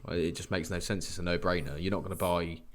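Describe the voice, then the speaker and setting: A young man with a very low voice talks fast and bluntly, giving strong opinions with a bit of swearing. The tone is casual banter between friends on a gaming podcast. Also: fairly even intonation. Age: 20s. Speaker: podcast co-host. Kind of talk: casual chat.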